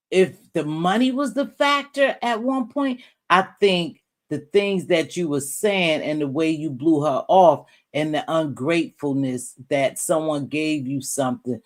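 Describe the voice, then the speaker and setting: A middle-aged woman hosting a casual livestream, chatting with viewers and giving gossip commentary, her voice jumping high when she gets worked up. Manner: animated, jumps high when worked up, reads out and greets chat viewers. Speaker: livestream host.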